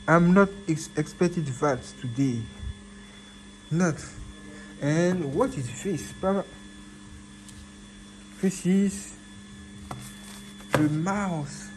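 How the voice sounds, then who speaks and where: Male vlogger, slow excitable unboxing delivery, phone-recorded with a noisy background. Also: on the high side. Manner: excitable, repeats himself, exclaims in disbelief. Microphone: phone camera.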